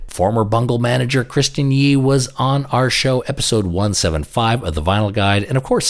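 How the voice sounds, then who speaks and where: A man hosting a podcast, reading an upbeat promo and an episode introduction. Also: lowish voice. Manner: upbeat, promotional, lively intonation. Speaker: podcast host.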